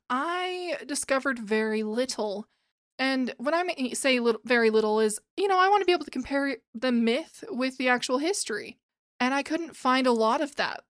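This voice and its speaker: A woman's voice: fairly high pitch, a bit bright, no echo, clean studio sound. A woman hosting a casual literature podcast, chatty and prone to asides and restarts. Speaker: podcast host. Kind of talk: casual podcast chat about classic literature. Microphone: new microphones.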